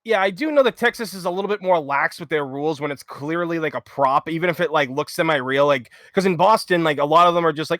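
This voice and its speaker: A man co-hosting a charity livestream who tells stories loudly and with lots of animation. His voice sits a little high and sounds bright and forceful. It is close to the mic and dry. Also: a little fast, no echo. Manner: loud, animated storyteller. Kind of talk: casual chat.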